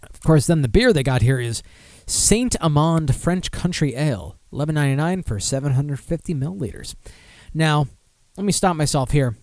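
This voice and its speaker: A man's voice: a little high, normal speed, no echo. A man hosting a podcast, chatting casually and reading out food and beer pairings with plenty of swearing. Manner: profane, animated, breaks off to comment. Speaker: podcast host. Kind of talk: casual chat, reading aloud.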